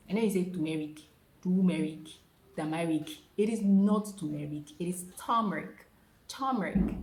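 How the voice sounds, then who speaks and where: Lively woman coaching pronunciation, roomy sound. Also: medium pitch. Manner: lively and coaxing, drills words by repetition. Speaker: pronunciation tutor. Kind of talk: casual pronunciation lesson. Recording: roomy echo.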